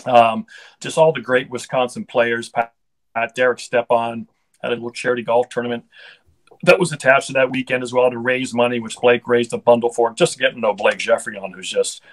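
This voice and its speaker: A man's voice: mid-range voice, little pitch movement, brisk, poor audio. A middle-aged man, a hockey broadcaster, chatting casually in an interview with an upbeat, rambling manner and frequent restarts.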